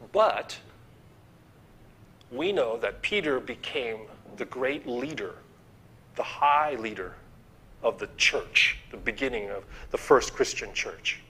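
A man's voice: medium pitch, fairly bright tone, slightly rough. A man preaching a sermon in a church, posing rhetorical questions, repeating key phrases and restarting words.

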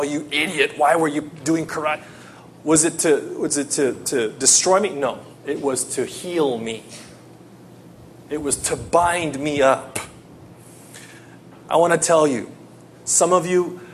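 Animated male preacher, slightly high voice. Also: slight background noise. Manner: animated storyteller, swings from loud to hushed. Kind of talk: sermon with personal story.

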